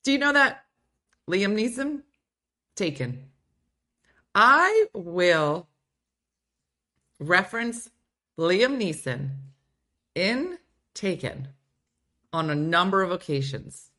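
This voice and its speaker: Casting a giggly, chatty woman host with a lower voice and a lot of swing in her pitch. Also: big pitch swings, slow pace, pauses often, bright, forceful tone. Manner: giggly, chatty, breaks into playful put-on voices. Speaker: show host. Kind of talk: casual live chat reading viewer comments.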